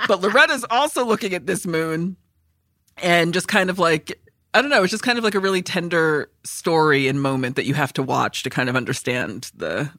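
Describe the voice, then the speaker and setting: A woman co-hosting a podcast, chatting casually about a film and loudly acting out its lines with lots of swearing. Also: lowish voice, normal speed, no room sound, studio quality. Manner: animated, swearing, acts out film lines in loud voices. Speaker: podcast co-host. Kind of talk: casual movie chat.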